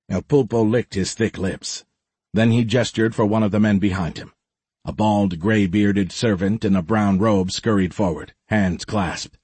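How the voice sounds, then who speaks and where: Low, husky male audiobook narrator. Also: a little mellow, no room sound. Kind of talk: scripted narration.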